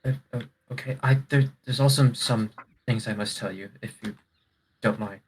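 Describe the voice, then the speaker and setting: A man's voice: lowish voice, steady tone, moderate pace, slight background noise, close to an everyday voice, poor audio. A man playing a cautious fantasy adventurer in a tabletop game, speaking hesitantly and carefully. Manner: hesitant, careful speech with restarts.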